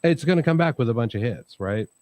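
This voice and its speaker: A man hosting a casual interview, talking in an easygoing way with halting interjections. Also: mid-range voice, expressive, darkish tone, a little hiss or hum. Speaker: podcast host. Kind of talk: casual chat.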